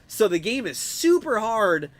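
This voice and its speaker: Young guy streaming, kinda high voice, hyped and cussing a lot, laughs a bunch. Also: unhurried. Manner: excitable, swears a lot, laughs often. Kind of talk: casual live-stream chat about a game.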